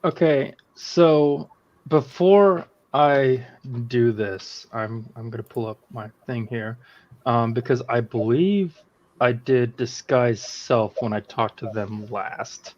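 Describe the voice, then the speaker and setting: Man player, mid-pitched, casual and halting, muffled lo-fi audio. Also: darkish tone. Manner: hesitant, self-correcting. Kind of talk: casual tabletop game talk.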